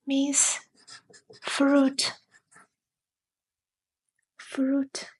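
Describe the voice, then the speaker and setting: A woman whispers an ASMR lesson in a high, breathy voice. She speaks very slowly and holds an even, flat tone, repeating each word softly. Faint writing sounds are heard behind her. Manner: slow, soft and breathy, with many repeated words. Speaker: ASMR Spanish teacher.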